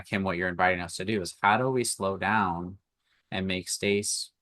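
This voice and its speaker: Deep-voiced male podcast host, dry sound. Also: no echo. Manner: calm, asks questions and reflects back. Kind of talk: casual reflective conversation.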